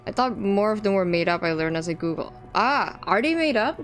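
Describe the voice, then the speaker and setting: A woman's voice: mid-range voice, lively intonation, fairly quick, soft background music. A woman streamer chatting casually to her viewers while playing a game, rambling with fillers and restarts. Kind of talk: casual gameplay commentary.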